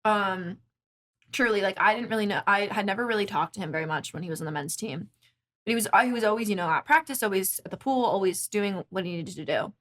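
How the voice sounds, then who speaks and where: A woman in her twenties, a guest and former college swimmer, telling a story in animated casual conversation with quick asides. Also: mid-range voice. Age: 20s.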